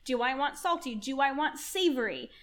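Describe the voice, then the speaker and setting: A woman's voice: high-pitched, expressive, moderate pace, fairly bright tone. A woman chef talking enthusiastically in a podcast interview, rambling on and asking herself questions as she goes. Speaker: chef and culinary nutrition guest.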